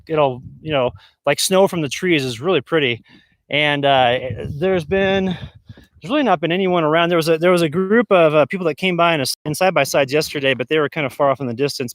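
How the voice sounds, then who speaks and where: A man chats on a livestream from his snowy off-grid campsite, wandering between outdoors and his tent. His voice sits a little high and sounds dry and close to the mic. He talks in a loose, rambling way, full of fillers and restarts. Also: dry recording. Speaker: vlogger livestreaming off-grid camping. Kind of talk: casual livestream chat. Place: outdoors in snow and inside a large tent.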